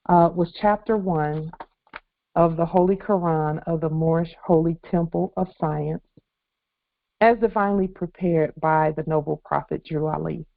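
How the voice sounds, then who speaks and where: A woman leading a weekly conference-call assembly, speaking earnestly and repeating key phrases for emphasis. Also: fairly low pitch. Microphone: phone. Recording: tinny conference phone line.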